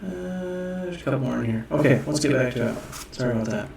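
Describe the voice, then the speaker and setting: A man casually teaching himself and viewers Greek letters, rambling, correcting himself and sounding words out slowly. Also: medium pitch, animated, vocal fry, darkish tone. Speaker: self-taught Greek learner teaching viewers. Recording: echoey room, mic far off, faint noise.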